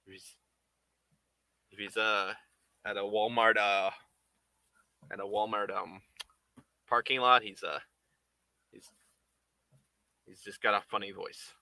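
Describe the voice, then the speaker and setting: A man's voice: on the low side, steady tone, slow pace, long pauses, pushed and bright, no room sound. A man making a puppet who chats casually and playfully with viewers, rambling and chuckling as he works. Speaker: puppet maker streaming live. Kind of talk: casual chat while working.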